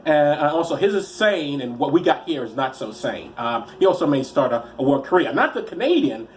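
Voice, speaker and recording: A man's voice: a little high, big pitch swings, brisk, slight background noise. A man with a cold and an American accent, hosting a comedy show where he reads news stories aloud in a rambling, sarcastic way with many restarts. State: has a cold. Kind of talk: comedic news-story reading.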